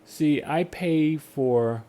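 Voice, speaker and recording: A man's voice: on the high side, drawn-out words. A man telling a story in a casual rant, acting out customer service calls in different voices. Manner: animated storytelling, acts out phone calls in voices. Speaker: podcast host.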